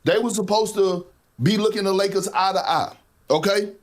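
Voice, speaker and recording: A man's voice: high voice, moderate pace. A man giving sports debate commentary in an emphatic way, repeating his key numbers. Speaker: sports analyst.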